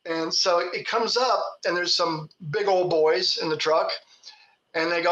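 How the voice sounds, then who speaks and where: A man's voice: sits high, a little slow, pushed and bright, echoey room, lo-fi sound. A man from Kentucky, a Bigfoot researcher, telling folksy stories with laughs in casual talk. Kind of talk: casual storytelling.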